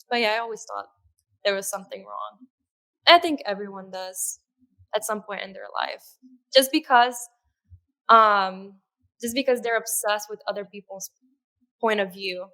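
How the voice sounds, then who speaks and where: A woman speaking as a podcast guest in an earnest, conversational way, with soft laughs and fillers. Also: medium pitch. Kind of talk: conversational interview.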